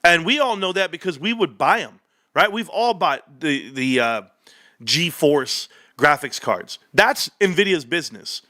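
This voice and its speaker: A man hosting a stock market livestream, talking in an excitable, joking, rambling rant. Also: sits high, normal speed, dry recording, studio quality. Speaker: stock market stream host.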